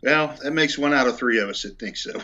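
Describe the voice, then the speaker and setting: A man's voice: mid-range voice, fairly quick, pushed and bright, dull audio. A man cohosting a casual chat, teasing and laughing easily. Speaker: podcast co-host. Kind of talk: casual banter.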